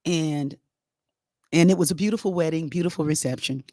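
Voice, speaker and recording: A middle-aged woman hosting, telling a story to her online audience in a lively, chatty, rambling way. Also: low voice, brisk, dry recording, clean studio sound. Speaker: host.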